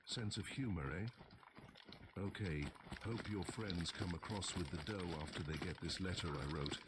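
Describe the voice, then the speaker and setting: A man's voice: low-pitched, normal speed, background noise, natural voice. A man reading aloud, voicing a slim, harsh gangster boss who talks in 1930s tough-guy slang, with keyboard typing behind. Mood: menacing.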